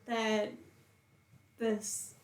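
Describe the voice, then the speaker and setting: Slow, hesitant woman in an echoey room. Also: fairly high pitch, completely flat delivery. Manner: hesitant, trailing off. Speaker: player. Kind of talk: tabletop role-play chat. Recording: echoey room, faint noise.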